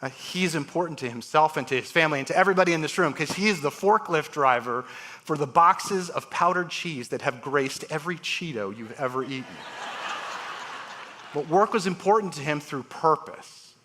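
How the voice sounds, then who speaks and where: In a large live event hall, a transplant surgeon tells surgery stories on stage in a bright, forceful voice a little high for a man. He speaks at a moderate pace with wide swings of animated delivery, acting out each patient's words, over a little hiss or hum.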